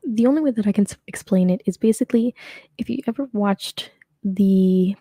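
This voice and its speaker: A woman's voice: mid-range voice, moderate pace, warm tone, no echo. A young adult woman hosting her own show, chatting casually and rambling with lots of fillers and restarts. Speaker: podcast host. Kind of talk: casual solo chat.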